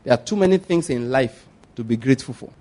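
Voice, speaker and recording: A man's voice: medium pitch, fast. A man, preaching a sermon as pastor. He tells stories with frequent laughter and asks the congregation questions for them to answer back. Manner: animated storytelling with call-and-response questions; laughs often while preaching.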